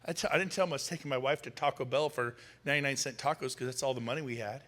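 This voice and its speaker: A middle-aged man speaking on stage to an audience, telling punchy stories and firing quick questions at the crowd. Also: medium pitch, a bit bright. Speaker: motivational speaker. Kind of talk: energetic stage talk to an audience. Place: large hall. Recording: long reverb in a large hall.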